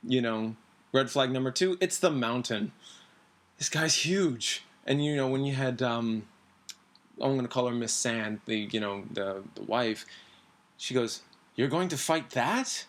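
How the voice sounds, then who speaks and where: A man hosting a casual podcast, rambling and excitable, acting out the scenes he retells. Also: a little slow. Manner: excitable, acts out scenes with sudden jumps in pitch; rambling, many fillers. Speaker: podcast host. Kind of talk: casual TV recap chat.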